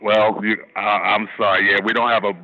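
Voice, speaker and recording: Deep-voiced man, firm, over a dull phone line. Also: flat delivery, fairly quick. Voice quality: deep, loud voice. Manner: firm, formal, repeats sir and ma'am. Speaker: hotel front desk clerk. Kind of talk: phone conversation.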